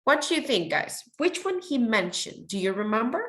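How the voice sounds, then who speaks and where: A woman's voice: a little high, sing-song, normal speed, fairly bright tone. Upbeat woman teaching English. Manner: encouraging, praises often, switches to Spanish. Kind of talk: online class teaching.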